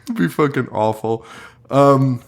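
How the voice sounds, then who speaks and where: A man's voice: medium pitch, unhurried, creaky. A young man co-hosting a podcast, recapping a horror movie in casual talk, swearing a lot and laughing often. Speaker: podcast co-host.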